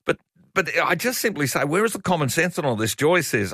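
A man's voice: a little high, sing-song, fairly quick, a bit bright, husky, no room sound, studio quality. An older Australian man hosting talkback radio, chatty and opinionated, reading out listener messages.

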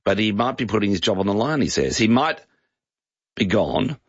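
A man's voice: on the low side, big pitch swings, moderate pace, husky, no room sound. An Australian man co-hosting a casual radio show, jovial and enthusiastic. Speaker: radio co-host. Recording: dry, slightly muffled radio studio.

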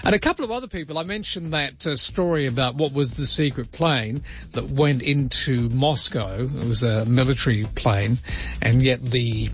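A man's voice: medium pitch, moderate pace, fairly bright tone, lo-fi sound. Chatty Australian radio host, man. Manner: chatty, rambling, self-deprecating. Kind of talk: casual talkback radio.

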